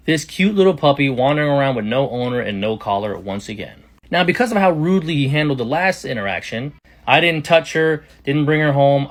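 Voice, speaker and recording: A man telling a personal story in casual storytime narration, conversational and plain-spoken. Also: mid-range voice.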